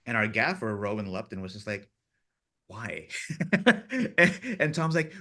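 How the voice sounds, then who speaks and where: A man, a film director, chatting in an interview and telling animated stories from the set, acting out his crew's lines and laughing often. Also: on the low side, measured pace, long pauses. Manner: animated storyteller, acts out crew voices, laughs often. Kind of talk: casual interview chat.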